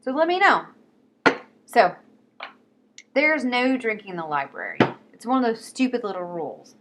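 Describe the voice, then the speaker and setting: A woman talking casually and excitedly about books, quick and swearing freely. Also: on the high side, background noise. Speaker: book vlogger. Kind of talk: casual chat.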